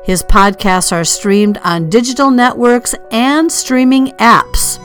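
A woman hosting and producing a podcast, introducing her guest with bright, upbeat welcomes and drawn-out name announcements. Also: fairly high pitch, faint music behind.

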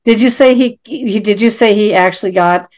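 A woman hosts a relaxed interview. She asks long, winding questions and fills the pauses with um and uh. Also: mid-range voice. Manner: rambling questions with fillers. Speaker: interview host. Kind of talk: casual interview.

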